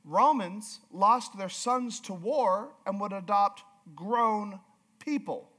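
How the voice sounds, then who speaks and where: A man's voice: sits high, takes it slowly, fairly bright tone. A male pastor preaching a sermon with emphatic, repeated phrases.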